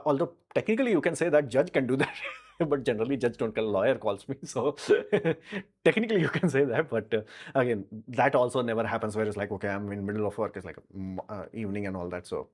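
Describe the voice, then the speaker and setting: A man chats through viewer questions on a live stream. His voice sits at an ordinary middle pitch. He talks bluntly and rambles, with plenty of "uh" and "like". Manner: rambling, filler-heavy, frank and blunt. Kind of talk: casual live Q&A chat.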